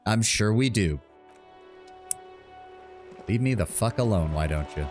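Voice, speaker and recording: A man's voice: lowish voice, expressive, a little slow, a little mellow, faint music behind. A man streaming a video game, mixing sardonic, profane commentary with reading its text aloud. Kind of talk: casual gameplay commentary and reading.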